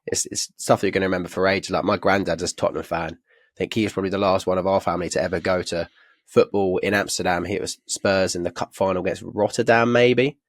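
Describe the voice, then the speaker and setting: A young man co-hosting a casual football podcast, bantering fast and laughing. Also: low voice, steady tone, dry recording, studio quality. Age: young adult. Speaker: podcast co-host.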